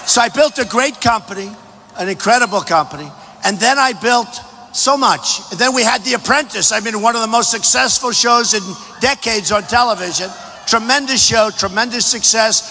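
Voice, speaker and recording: Boastful man shouting through echoing hangar. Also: very high-pitched, moderate pace, a little hiss or hum. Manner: boastful, repetitive, often shouting. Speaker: presidential candidate. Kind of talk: campaign rally speech. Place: large packed hangar. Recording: echoey hangar hall.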